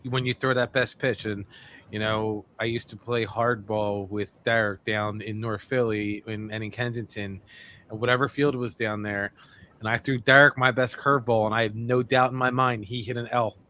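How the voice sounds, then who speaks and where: Excitable male co-host, bright forceful voice, casual banter. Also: lowish voice, moderate pace, a little hiss or hum. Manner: excitable, laughs easily. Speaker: podcast host. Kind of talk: casual chat.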